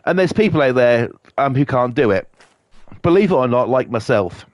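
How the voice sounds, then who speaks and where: A man's voice: animated, normal speed, no room sound. A man streaming to a live chat, ranting angrily and swearing a lot, coughing now and then. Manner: angry, sweary rant with big pitch swings.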